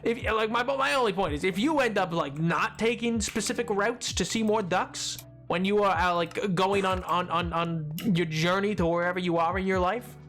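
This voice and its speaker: A man's voice: sits high, normal speed, few pauses, a bit bright, faint music behind. A man streaming a game, chatting casually in a goofy, rambling, playful way, a little tired. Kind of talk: casual live-stream chat while gaming.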